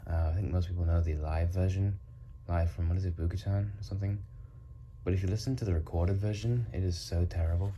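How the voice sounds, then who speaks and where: A man's voice: sits low, fairly even intonation, brisk, warm tone, muffled recording, a little hiss or hum. A man rambling playfully in a casual monologue from his bedroom, recorded on a phone microphone as he slips between put-on accents. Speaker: vlogger. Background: house fan running.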